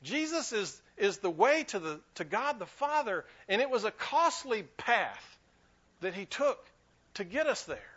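A man preaching a sermon with a high, bright, sharp voice. His pitch swings widely as he hammers home repeated lines and calls the church to answer back. The recording is dull and lo-fi. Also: very animated, unhurried, slightly rough. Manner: preaching with rising fervor, repeating lines for emphasis; leads the congregation in call and response. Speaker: pastor. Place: church sanctuary.

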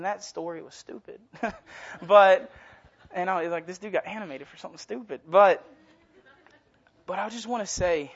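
A man's voice: high voice, fairly bright tone. A young man giving an informal sermon as a guest preacher, casual and self-deprecating, rambling and often restarting his sentences. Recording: dull lo-fi recording.

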